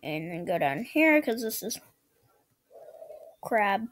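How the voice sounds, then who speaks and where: A woman giving giggly, excitable, chatty commentary while playing a game. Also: medium pitch, slow. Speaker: gamer. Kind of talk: let's-play commentary.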